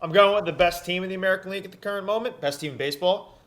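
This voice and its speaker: A man's voice: sits high, rapid-fire, fairly bright tone. A man co-hosting a casual sports podcast, talking in a grumbling, mock-annoyed way. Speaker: podcast co-host.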